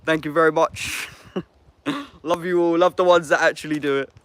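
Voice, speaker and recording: A man's voice: on the high side, fairly even intonation, normal speed. A young adult man with an English accent, chatting casually and slangily on a livestream, swearing and answering chat comments.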